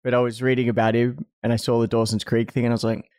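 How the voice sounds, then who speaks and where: A man's voice: mid-range voice, little pitch movement, quick pace, darkish tone, no echo, clean studio sound. A man co-hosting a podcast, running through a film list in a jokey, laid-back way. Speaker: podcast co-host. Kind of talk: casual film chat.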